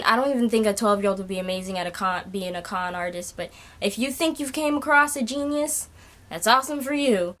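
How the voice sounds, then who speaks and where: A woman's voice: mid-range voice, a bit bright. A young woman rants casually to her camera. She sounds exasperated and complaining. Her talk is full of fillers and restarts. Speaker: vlogger.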